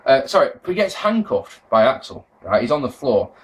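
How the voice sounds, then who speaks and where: A man giving a casual, rambling review of a wrestling show, swearing freely and swinging between loud outbursts and low mutters. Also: very animated, normal speed. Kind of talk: casual video commentary.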